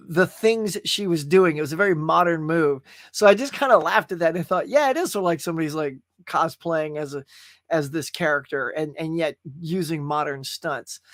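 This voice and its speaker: A man's voice: a little high, a bit bright, no echo, studio quality. A man hosting a live movie chat stream, casual and folksy, chatting straight to his viewers. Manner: chatty and folksy, often calls viewers "y'all".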